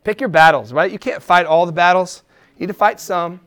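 A middle-aged man preaching a sermon, animated, acting out quoted voices and dropping to a soft tone for encouragement. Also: high voice, a little fast. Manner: drops to a soft, quiet tone for encouragement. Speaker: pastor.

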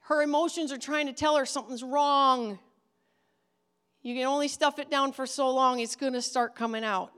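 A woman's voice: sits high, steady tone, moderate pace, a bit bright, clear, resonant tone. A woman giving an earnest, emphatic teaching talk to children's pastors in a conversational way. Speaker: ministry trainer for children's pastors.

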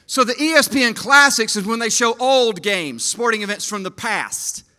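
A man preaching a sermon at a conference, swinging from hushed lines to shouts and asking the crowd to raise hands. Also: very high voice, animated, normal speed. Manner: talks with the crowd, asks for hands. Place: conference hall.

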